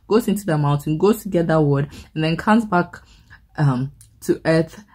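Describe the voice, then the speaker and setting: Casual woman vlogger, low husky voice, rambling and playful, restarts often. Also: normal speed, a little mellow. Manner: chatty, rambling with playful movie comparisons; frequent word repeats and restarts. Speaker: perfume reviewer. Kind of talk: casual review vlog.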